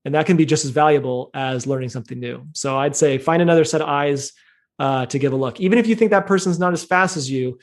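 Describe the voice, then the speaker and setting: Thoughtful man with a higher voice. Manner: thoughtful, measured, many fillers. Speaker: podcast guest. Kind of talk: casual interview talk.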